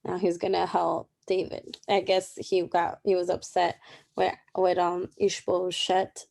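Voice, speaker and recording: A woman's voice: fairly low pitch, monotone, unhurried, gravelly, a little mellow. A young woman casually talking through a daily Bible reading, informal and chatty with many asides. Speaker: Bible reading plan presenter. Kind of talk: casual Bible study commentary.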